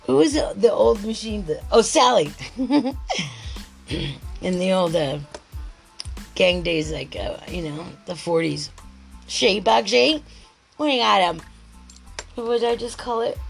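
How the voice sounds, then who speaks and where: A woman's voice: medium pitch, takes it slowly, vocal fry, pauses often, faint music behind, low-quality recording. A woman podcast host in a rambling, heated monologue, swearing constantly and restarting her thoughts.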